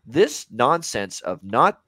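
A man's voice: mid-range voice, very animated, slow pace, pushed and bright, breathy edge, dry recording. A man co-hosting a sports betting podcast, ranting in heated, casual talk and swearing freely.

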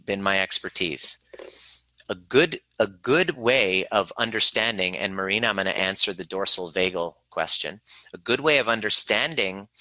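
A man's voice: low voice, pushed and bright, no echo. A man coaching his audience in a live-stream talk, intense and preachy, swearing casually as he urges them on. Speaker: relationship coach.

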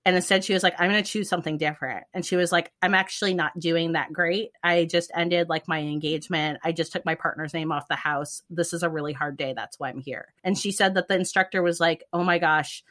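A woman's voice: on the low side, steady tone, brisk, hardly any pauses, fairly bright tone. Chatty woman co-hosting a podcast. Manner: chatty, lots of filler likes, earnest. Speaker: podcast co-host. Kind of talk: casual podcast chat.

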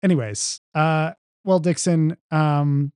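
A man's voice: fairly high pitch, fairly even intonation, takes it slowly, a little mellow, smooth, dry recording, studio quality. A man co-hosting a podcast, joking about movies in casual chat, swearing freely and laughing often. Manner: profane, jokey, laughs often. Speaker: podcast co-host. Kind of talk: casual film review chat.

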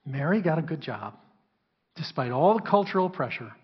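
A man's voice: a little high, expressive, normal speed, husky, long reverb tail, highs cut off. A man preaching a sermon as pastor. He talks with the congregation, asks them to answer, and briefly acts out biblical characters in a raised, sassy voice. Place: church hall.

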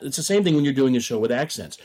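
A man, a theater director, being interviewed and talking in a measured, thoughtful way with frequent hedges. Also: medium pitch, lively intonation, darkish tone.

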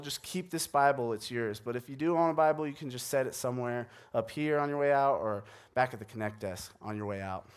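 Joking, relaxed male pastor preaching. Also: fairly high pitch. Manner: conversational, joking, relaxed storytelling. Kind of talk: sermon. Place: church sanctuary.

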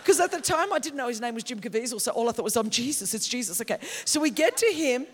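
An Australian woman preaching a sermon, telling stories with passion and breaking into shouts. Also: on the high side, lively intonation, fast talker, slightly rough. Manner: passionate, storytelling, bursts into shouts. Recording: long hall reverb in a big venue.

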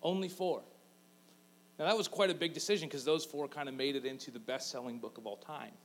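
A man's voice: fairly high pitch, brisk, slight background noise. A man preaching a casual, joking sermon, acting out the people in his story. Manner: casual, joking storyteller who acts out voices. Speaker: pastor.

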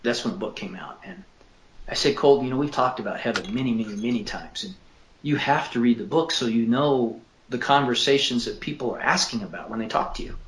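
A man in his fifties, an author and father interviewed about his book, tells an emotional personal story in a medium-pitched voice. He speaks earnestly and haltingly, repeating words when moved, and the recording has a roomy echo.

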